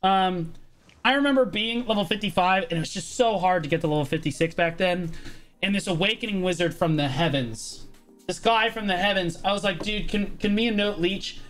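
A man streaming a game, talking casually with lots of swearing, and breaking into exasperated yelling now and then. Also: sits high, a little fast. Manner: profane, exasperated outbursts and yelling. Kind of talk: livestream gameplay commentary.

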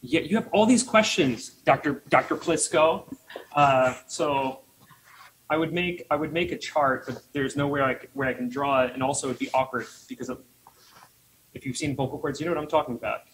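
A man's voice: mid-range voice, normal speed, a bit bright, slight background noise, poor audio. A man voice teacher presenting at a conference, joking around while he explains. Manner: jokey and playful, explaining.

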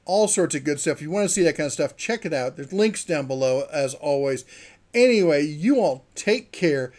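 A man's voice: on the high side, animated, normal speed, a little mellow. A man hosting his own channel, talking casually and enthusiastically in a rambling, chatty way. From Mountain West of the USA. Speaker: channel host. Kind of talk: casual vlog talk to camera.

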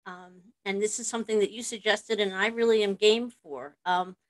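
A woman's voice: mid-range voice, fairly even intonation, normal speed. Earnest woman host, chatty. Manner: earnest, repeats words when starting. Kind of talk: casual chat.

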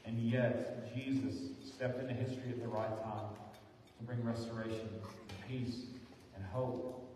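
A man's voice: medium pitch, a little mellow. A man preaching a sermon as pastor, earnest and pleading, building to emphatic calls. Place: church sanctuary. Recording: echoey hall, distant mic, faint noise.

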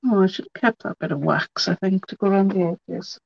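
A woman's voice: medium pitch, fairly quick, creaky, darkish tone, no room sound, highs cut off. A woman hosting a casual crafting livestream, talking half to herself as she works. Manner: muttering to herself while working. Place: home craft room.

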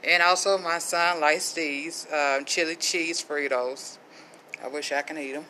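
Middle-aged woman vlogger, slow easy chat, blessings sprinkled in, faint background noise. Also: low-pitched, steady tone, sharp tone, rough recording. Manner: slow, chatty, faith-filled asides. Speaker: vlogger showing a food haul. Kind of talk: casual chat to camera.

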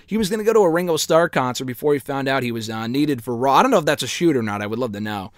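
A man's voice: mid-range voice, lively intonation, very fast, dry recording, studio quality. A man giving a casual spoken recap and review of a wrestling show, rambling and often correcting himself as he goes. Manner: rambling, self-correcting, chatty.

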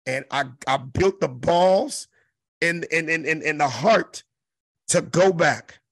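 A man's voice: a little high, slow, a bit bright, no echo. A middle-aged man from South Central Los Angeles, a comedian telling a profane, emphatic story as an interview guest. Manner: profane, emphatic, mimics crowd noises. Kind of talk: animated storytelling.

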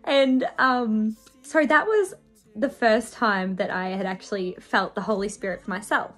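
A woman's voice: mid-range voice, normal speed, fairly bright tone, soft background music. A young woman presenting to children on a church show, telling a personal story in a bubbly, sing-song way and acting out the voices.

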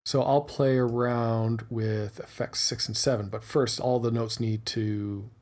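A man's voice: medium pitch, level tone, a little slow, darkish tone. A man hosting a music tutorial, explaining methodically and thinking aloud as he works through the steps. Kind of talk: screen-recorded tutorial narration.

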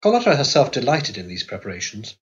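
A man narrating an audiobook in a measured, even reading voice. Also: mid-range voice, muffled recording. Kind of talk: scripted narration.

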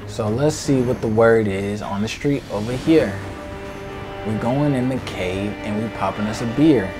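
A young man giving casual, excitable commentary to his viewers while he plays a video game. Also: mid-range voice. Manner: excitable, talks to his viewers, swears mildly. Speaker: gaming video creator. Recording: game music loud behind the voice. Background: game music.

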